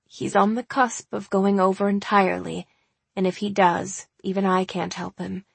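A woman reading the lines of a wise older grandmother, soft-spoken, grave and measured. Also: mid-range voice, little pitch movement, creaky, slightly rough, no room sound.

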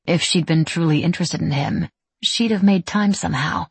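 A woman narrating an audiobook in a measured, wry storytelling manner. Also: on the low side, creaky, slightly rough, no room sound. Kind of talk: scripted narration.

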